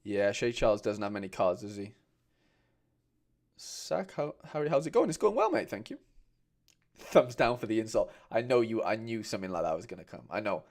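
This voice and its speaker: A man's voice: on the low side, very animated, moderate pace, a little mellow. A man hosting a casual livestream, chatting with viewers and calling them mate. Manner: chatty, reads out viewer comments, calls people mate. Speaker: host.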